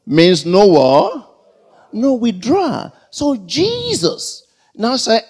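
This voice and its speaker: Male pastor, high voice, unhurried delivery; sermon with call-and-response and acted-out dialogue. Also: big pitch swings, darkish tone, slightly rough. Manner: call-and-response questions to the congregation; acts out comic dialogues. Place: church.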